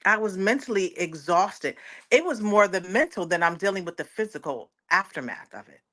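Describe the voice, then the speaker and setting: A woman's voice: medium pitch, animated, moderate pace, a bit bright. A woman, a guest giving an earnest personal testimony and often quoting others aloud. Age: 40s. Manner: earnest, repeats words, quotes others aloud.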